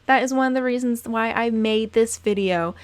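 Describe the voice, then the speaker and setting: A woman's voice: fairly high pitch, moderate pace, clear, resonant tone. A young woman in a casual vlog, speaking with indignant passion and repeating phrases for emphasis. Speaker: vlogger, former cruise ship worker. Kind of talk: casual to-camera talk.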